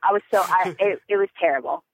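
A young woman on a phone call as a podcast guest, talking in an excitable, rambling way with many fillers. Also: on the low side, fast talker. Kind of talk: phone interview. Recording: tinny phone line.

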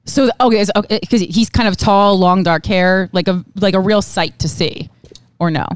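Woman, podcast co-host, teasing banter, medium pitch, dry room. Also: steady tone, moderate pace, clear, resonant tone, no echo. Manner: teasing, laughing. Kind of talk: casual chat.

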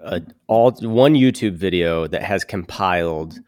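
Easygoing low-voiced priest. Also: male voice, unhurried, darkish tone, no echo, studio quality. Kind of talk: casual podcast chat.

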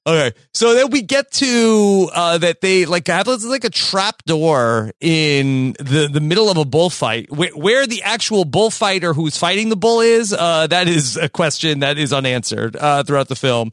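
Halting, slightly high-voiced podcast man. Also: animated, fairly bright tone, no echo, studio quality. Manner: halting, many fillers, chuckles often. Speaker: podcast host. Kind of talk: casual chat.

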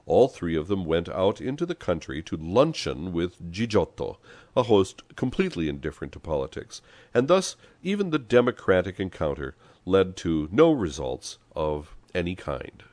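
A man reading a story aloud as an audiobook narrator, expressive storytelling. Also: sits low, moderate pace, dry recording. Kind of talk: scripted narration.

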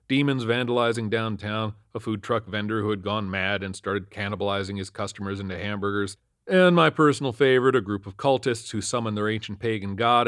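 A man narrating a first-person horror story in a deadpan, matter-of-fact way on a close mic. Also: lowish voice, no room sound.

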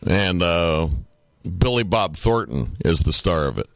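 A man chatting casually as a podcast co-host. His voice sits very low and he takes his time, drawling through his points and swearing freely. The sound is dry and close. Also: very animated, unhurried, creaky, no room sound. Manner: laid-back, swears freely. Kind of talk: casual chat.

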